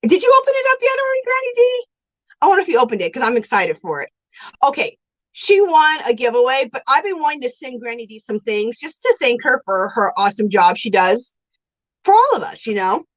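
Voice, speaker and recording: A woman's voice: fairly high pitch, very animated, a little fast, dry recording, rough recording. A woman hosting a casual crafting livestream, chatty and effusive as she greets viewers and reads their comments aloud, recorded on a phone. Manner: chatty and effusive, calls viewers girl and sweetie. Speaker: livestream host of a yarn crafting show.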